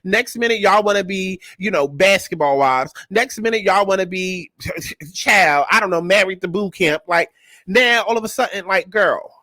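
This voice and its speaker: Sassy high-voiced man recapping reality TV. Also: no echo. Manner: sassy, animated and profane, repeats punchlines. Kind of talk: casual commentary.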